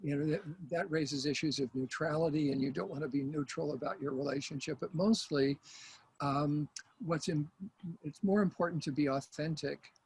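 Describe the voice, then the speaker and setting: Older man, mediator guest, husky, fairly high voice, thoughtful, measured. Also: steady tone, a little mellow, poor audio. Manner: thoughtful, measured, with frequent fillers. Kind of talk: conversational interview.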